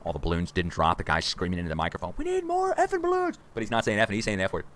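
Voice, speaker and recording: Fast-talking excitable man in his forties. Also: deep voice, slight background noise. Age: 40s. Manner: excitable, conspiratorial, addresses viewers as guys. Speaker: livestream host. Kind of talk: rambling livestream commentary. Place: home room.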